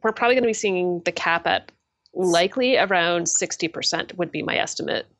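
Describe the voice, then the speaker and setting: Female podcast co-host, lowish voice, dry close mic, confident explainer. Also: a little fast, fairly bright tone, dry recording. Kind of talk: casual gaming chat.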